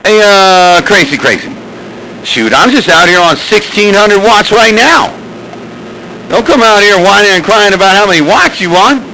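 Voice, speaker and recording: A man's voice: high-pitched, lively intonation, moderate pace, sharp tone, slight background noise, low-quality recording. A man chatting over CB radio, rambling and teasing, with a repeated "crazy, crazy" catchphrase. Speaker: CB radio operator and channel host. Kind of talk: casual radio banter.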